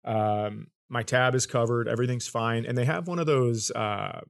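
A man's voice: medium pitch, normal speed, creaky. Man spinning a long comic anecdote. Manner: animated anecdote with quoted voices and laughter. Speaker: comedian guest. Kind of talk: casual storytelling on a podcast.

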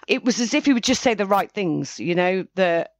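A woman's voice: mid-range voice, lively intonation, normal speed, dry recording, clean studio sound. A woman, telling a personal story in a rambling way, with frequent restarts and self-corrections. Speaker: interviewee. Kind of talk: personal account, casual.

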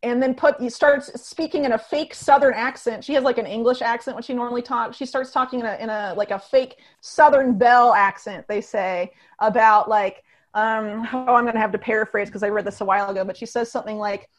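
Fast-talking woman, rambling chat. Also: on the high side, fairly even intonation. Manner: fast, rambling, filler-heavy storytelling. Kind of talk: casual podcast conversation.

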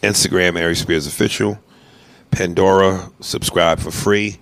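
A man co-hosting a comedy podcast, talking loud, profane and bossy in casual banter. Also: low-pitched, fairly even intonation, a little slow. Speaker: podcast co-host.

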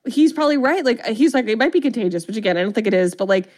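Woman podcast host retelling a movie plot, casual and animated, does little character voices. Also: medium pitch, very fast. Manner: animated storytelling, acts out characters' lines. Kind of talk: casual movie recap chat.

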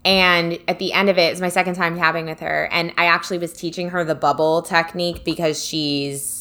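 A woman co-host talks casually and keeps chiming in with quick agreement before telling her own story about a client. Her voice sits fairly low for a woman. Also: flat delivery, sharp tone. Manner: chatty, frequent backchannel agreement. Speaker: podcast co-host, tapping practitioner. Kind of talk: casual chat.

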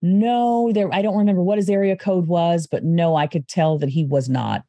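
A woman guest in a casual chat, telling her story in a halting, chatty way with frequent restarts. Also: fairly low pitch, warm tone, dry recording, muffled recording.

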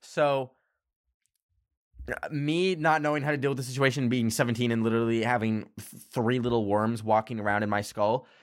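A young man from Canada casually telling a personal story, animated, laughing often and swearing casually. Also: mid-range voice, normal speed, no room sound, clean studio sound. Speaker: vlogger.

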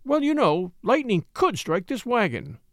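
A man's voice: high-pitched, very animated, unhurried, no room sound, studio quality, voice pushed up, full character voice. A man voicing a nervous, romantic young woman fugitive in a storybook reading, with a fretful, raised voice.

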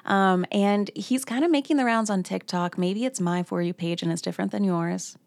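Young woman, casual commentary vlog, animated rant, swearing, middle pitch, dry close recording. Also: moderate pace, gravelly, no echo. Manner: animated, ranting, swears, heavy use of "like". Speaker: commentary host.

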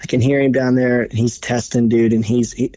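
A man who is a podcast guest, telling a bowhunting story in a casual, animated, profane way. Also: medium pitch, no room sound. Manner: animated, profane, fast retelling.

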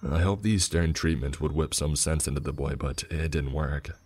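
Very deep-voiced man narrating horror. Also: darkish tone, husky, soft background music. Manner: measured, grim storytelling. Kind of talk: scripted horror story narration.

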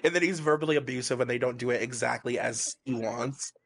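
A man's voice: mid-range voice, a little fast, vocal fry, a bit bright. A man co-hosting a podcast in casual chat, rambling with lots of fillers and frequent laughs, in a hazy, stoned state. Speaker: podcast co-host.

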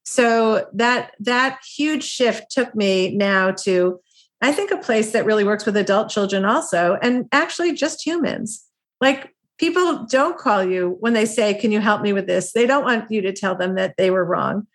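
Reflective woman podcast host, mid pitch. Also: animated, unhurried. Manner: reflective, conversational, many fillers like "like" and "I mean". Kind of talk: casual chat.

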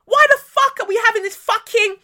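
A woman's voice: brisk, sharp tone. A woman mimicking a furious, panicking female presenter who rants and swears in exasperation. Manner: shrill, swearing, exasperated ranting.

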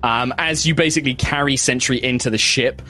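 A man narrates a tabletop role-playing game as its game master. His voice sits at an ordinary middle pitch. He talks loosely and casually, full of ums and little laughs. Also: fairly quick, pushed and bright, faint music behind. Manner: chatty, many fillers, laughs at own lines.

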